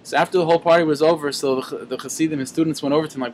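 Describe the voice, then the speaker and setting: There's slight background noise as a man races through a Torah lesson very fast, his voice on the high side. He frames it as an animated story, restarts often, and sprinkles in Yiddish and Hebrew terms.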